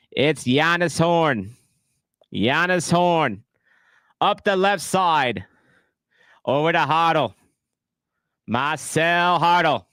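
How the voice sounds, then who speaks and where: A man's voice: fairly high pitch, a bit bright, no room sound, clean studio sound, heavily acted. A man putting on a late-1920s mobster voice to do soccer play-by-play. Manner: tough, slowed mobster drawl on names. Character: male late-1920s gangster, tough talker.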